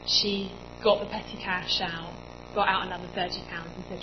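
A woman in her twenties preaching in a church, telling a personal story in a chatty, animated way with lots of quoted dialogue. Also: fairly low pitch, a little fast, muffled recording, noisy background. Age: 20s.

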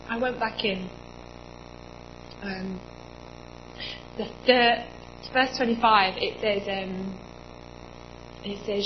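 A woman in her twenties preaching in a church, telling a personal story in a chatty, animated way with lots of quoted dialogue. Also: mid-range voice, drawn-out words, long pauses, lo-fi sound, background noise. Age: 20s.

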